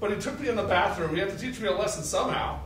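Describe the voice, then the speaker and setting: A man in his forties with a high, bright, forceful voice tells an animated personal story on stage and laughs along with it. He is heard from some distance in a very echoey hall. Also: racing, a little hiss or hum. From Arkansas, USA. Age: 40s.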